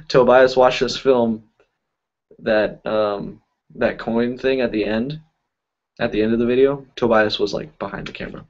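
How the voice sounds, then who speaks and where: Unhurried and pausing often, this man speaks at medium pitch with fairly even intonation, and the audio has its highs cut off. He is a YouTube magic and cardistry creator chatting casually on a live stream, answering comments with rambling, self-correcting stories and frequent laughter.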